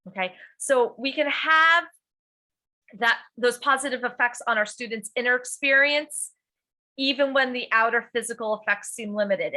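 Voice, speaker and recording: A woman's voice: on the high side, sharp tone. A middle-aged woman teacher giving a conference workshop talk, earnest and compassionate, with many "you know" fillers. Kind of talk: conference presentation.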